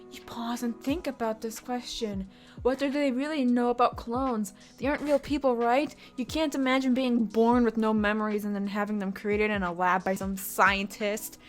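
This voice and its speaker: Animated young woman reading a text adventure. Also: moderate pace, soft background music. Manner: sudden loud, high-pitched outbursts and swearing. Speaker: streamer playing a text adventure. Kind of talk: reading game text aloud with commentary.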